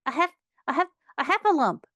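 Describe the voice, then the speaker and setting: Storybook piglet, timid little male, stammering and squeaky, very high and jumpy, as a woman reads him. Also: very animated, slow pace, vocal fry, fairly bright tone, no echo, full character voice. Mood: frightened. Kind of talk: storybook read-aloud.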